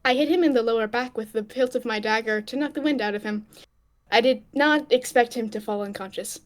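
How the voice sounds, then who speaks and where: A calm, ominous ex-cultist, voiced by a woman, speaks formally and quickly in a somewhat high voice, in a casual fanfic read-aloud with friends. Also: close to an everyday voice.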